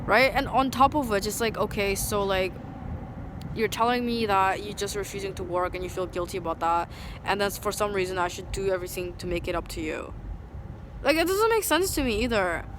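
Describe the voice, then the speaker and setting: Agitated woman venting outdoors, street noise. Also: fairly quick. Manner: agitated, rambling, heavy use of "like"; swings from low muttering to loud indignant. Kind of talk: venting to camera. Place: outdoors at a city bus station. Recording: street noise and passing vehicles.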